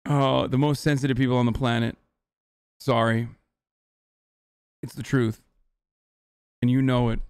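A man's voice: medium pitch, level tone, unhurried, pauses often, a little mellow, clean tone, dry recording. A man in his thirties streaming live reaction commentary, mocking and profane, joking loosely as he talks.

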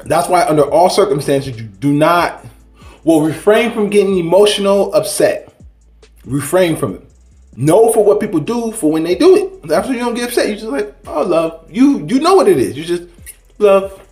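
High-voiced man preaching casually in an echoey room. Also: expressive, moderate pace, a little mellow, soft background music. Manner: rambling, preachy, with restarts and slang. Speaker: spiritual vlogger. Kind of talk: casual monologue to camera.

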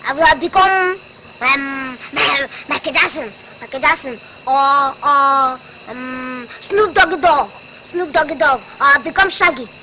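An actor with a Nigerian English accent playing a cheeky, dreamy grown son who stammers, boasts and wheedles in a comedy film. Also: male voice, extremely high pitch, a little slow, background noise. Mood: boastful dreaming. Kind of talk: comic film acting. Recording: film audio with soundtrack music. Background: music.

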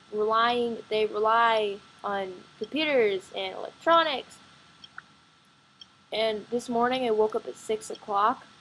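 A woman chatting excitedly and rambling with lots of fillers while playing a computer game at home, recorded on her computer microphone. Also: a little high, a little hiss or hum, low-quality recording. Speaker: gaming vlogger.

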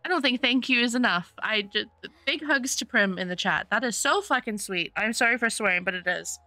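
A woman's voice: fairly high pitch, lively intonation, fairly quick, pushed and bright, no room sound. A woman streaming a life-sim game, chatting casually and gushing with thanks to her chat. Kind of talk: casual gameplay commentary. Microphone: desktop USB microphone.

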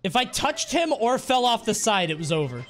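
A male game streamer chatting live over his play in a mid-pitched voice, swearing and joking. His delivery is animated, rising and falling freely, with faint music underneath. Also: moderate pace. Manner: playful, sweary, jokey. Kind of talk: live gameplay commentary.

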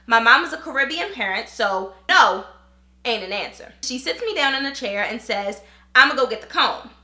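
A woman's voice: fairly high pitch, moderate pace, reverberant. A woman vlogger in casual chat, reading a viewer's email aloud and talking straight to her viewers. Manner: chatty and animated, talks straight to viewers.

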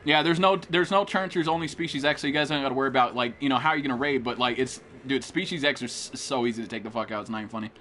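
A man's voice: mid-range voice, steady tone, rapid-fire, hardly any pauses, sharp tone, slight background noise. A young American man streaming a game live, trash-talking with lots of swearing and hype while chatting with viewers. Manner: profane, hyped trash talk. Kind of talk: live gameplay commentary.

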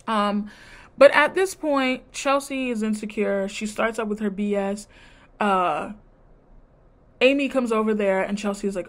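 A woman's voice: medium pitch, measured pace. A woman vlogger recapping a reality show in casual chat, with blunt, sassy commentary and slang. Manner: retells scenes by quoting people.

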